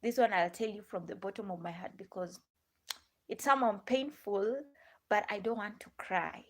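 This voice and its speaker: A woman's voice: medium pitch, moderate pace. A woman with a Ghanaian English accent hosting a live stream, chatting to viewers in a rambling way, repeating herself and asking them many questions.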